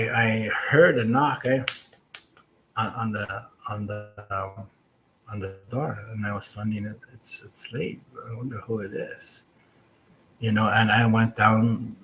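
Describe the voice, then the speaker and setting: A man's voice: fairly low pitch, a bit bright, slight background noise, poor audio. A First Nations man, a guest on a talk show, earnestly and reflectively telling a personal story. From First Nations community. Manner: earnest, reflective, slow retelling.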